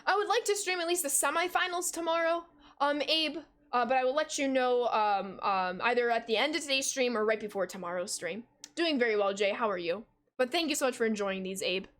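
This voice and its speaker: Her voice is a little high, fairly bright, and fairly quick. In her twenties, she streams baseball commentary play by play, staying upbeat and casual as she replies to chat and says "yo" to viewers.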